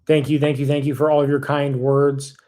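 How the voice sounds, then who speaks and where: A man's voice: mid-range voice, level tone, a little fast, warm tone. A man hosting a livestream in casual chat, reading viewer comments aloud and thanking people by name. He rambles in a heartfelt way and often loses his place. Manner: loses his train of thought, restarts sentences. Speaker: livestream host.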